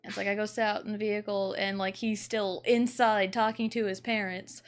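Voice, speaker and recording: A woman hosting her game stream, laid-back and quick to laugh softly. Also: medium pitch, little pitch movement. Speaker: streamer host. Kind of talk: casual chat on a game stream.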